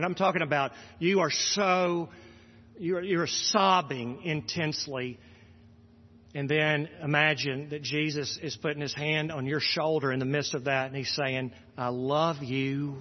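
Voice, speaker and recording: Earnest man preaching in a church. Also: a little high. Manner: earnest, repeats words, voices Jesus in quotes. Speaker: pastor. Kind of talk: sermon. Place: church sanctuary. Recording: muffled sound with long hall reverb.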